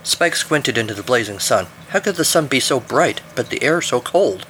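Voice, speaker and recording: A man's voice: medium pitch, animated, moderate pace, bright, forceful tone, a little hiss or hum. A man reading his own adventure story aloud with wry, playful narration.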